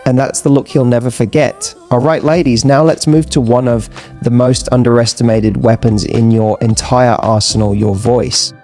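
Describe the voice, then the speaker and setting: A man giving scripted dating advice narration in a measured, persuasive way with emphatic repetition. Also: mid-range voice, steady tone, gravelly, a little mellow, soft background music.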